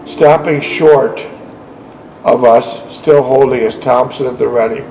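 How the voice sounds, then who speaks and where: A man's voice: medium pitch, fairly even intonation, vocal fry, a little mellow, slight background noise, rough recording. A man hosting a show, reading a veteran's war memoir aloud with short asides, often stumbling and correcting himself. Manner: halting reading with frequent self-corrections.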